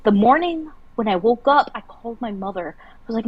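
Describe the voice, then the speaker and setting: A woman's voice: a little high, brisk, no room sound, dull audio. A woman on a livestream, chatting casually and telling a long dream story with many restarts. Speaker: livestream co-host.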